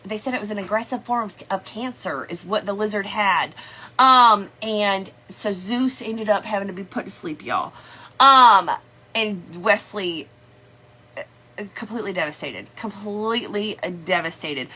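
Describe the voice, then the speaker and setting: A woman's voice: medium pitch, pushed and bright. A middle-aged woman chatting casually on a craft livestream, greeting viewers by name in a folksy way.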